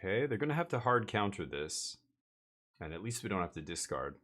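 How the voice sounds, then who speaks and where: A man's voice: sits low, big pitch swings, brisk, a bit bright. A man streaming a card game live, thinking aloud and muttering his plays as he goes.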